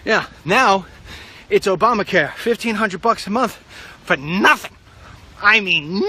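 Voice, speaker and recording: A middle-aged man rambling in a casual vlog while out walking, a bit out of breath, with sudden excited outbursts. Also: moderate pace, a little hiss or hum. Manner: animated, jumps into high excited outbursts. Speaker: vlogger.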